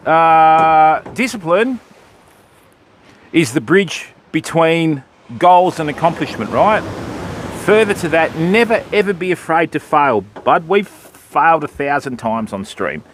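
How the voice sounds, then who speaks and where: Aussie fishing streamer, matey banter, animated and fairly high-pitched. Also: male voice, unhurried, slight background noise. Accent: Australian. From Australia. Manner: chatty, matey, answering viewers. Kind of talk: casual live-stream chat. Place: beach at dawn, outdoors.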